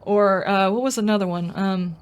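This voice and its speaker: A woman streams a game and chats casually, rambling as she responds to viewers' comments. Her voice is mid-range and smooth, at a moderate pace.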